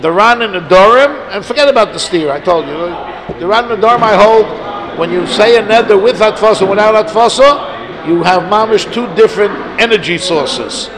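A man's voice: sits high, animated, a little fast, crowd noise. A man giving a Talmud lecture to his students, arguing his points aloud with emphasis. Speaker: Talmud teacher. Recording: noisy class of listeners.

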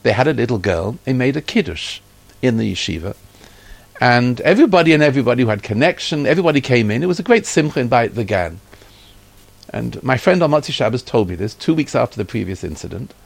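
Speaking fast in a mid-range voice with vocal fry, a man tells a story from his own life. He retells it vividly, acting out the dialogue and sprinkling in Yiddish and Hebrew terms.

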